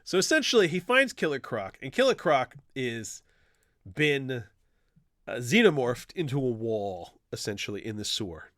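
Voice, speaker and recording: A man's voice: mid-range voice, very animated, moderate pace, fairly bright tone, no room sound, clean studio sound. A man co-hosting a podcast in casual chat, animatedly retelling a comic plot, swearing freely and acting out quotes. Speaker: podcast co-host.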